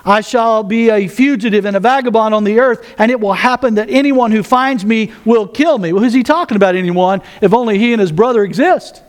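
High-voiced man preaching a folksy sermon. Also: a little fast, hardly any pauses. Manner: folksy, joking asides, reads scripture aloud. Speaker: pastor.

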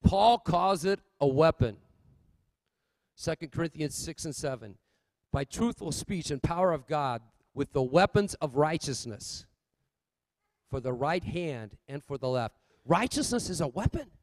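High-voiced man preaching a sermon. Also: animated, unhurried, dry recording. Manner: swings between loud exhortation and quiet asides. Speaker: pastor.

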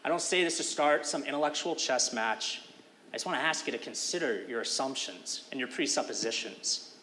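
A man's voice: mid-range voice, brisk, sharp tone, big-room sound, a little hiss or hum. A man giving a sermon as pastor, talking in a conversational, emphatic way with casual fillers.

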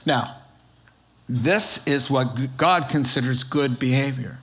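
A man's voice: mid-range voice, measured pace, gravelly, a bit bright. A male pastor preaching a sermon in a conversational way, with emphatic rises on key words and frequent fillers.

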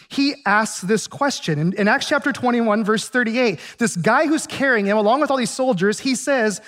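Guy pastor, pretty high voice, casual storytelling sermon. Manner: conversational, animated storytelling with acted asides.

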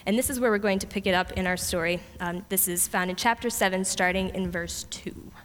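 A woman preaching a lively sermon, retelling a story with playful voices for the characters. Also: medium pitch, a little fast. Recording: long hall reverb.

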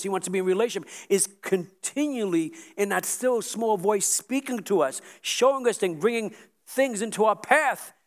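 Earnest preaching man, fairly high voice. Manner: earnest, repeats words, rising to emphatic peaks. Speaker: pastor. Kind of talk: sermon.

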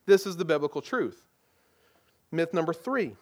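Pastor, male, higher-pitched voice, conversational sermon delivery full of rhetorical questions. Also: lively intonation, normal speed, long pauses, darkish tone, breathy edge. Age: adult parent.

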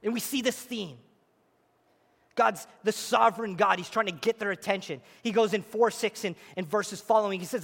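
A pastor preaching a sermon in a church, animated and acting out the voices of scripture. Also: male voice, high-pitched, moderate pace, gravelly, breathy edge. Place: church auditorium. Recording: echoey hall.

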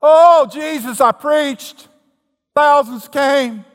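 A man voicing a desperate man pleading about his past ministry, in a loud, near-shouting voice. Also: very high voice, drawn-out words, pitched above the performer's own voice, full character voice. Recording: long echoing hall reverb.

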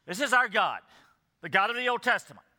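A man's voice: high voice, lively intonation, a little fast, pushed and bright. A man preaching an expository sermon, earnest and emphatic, often asking the congregation rhetorical questions. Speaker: pastor. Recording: echoey hall reverb.

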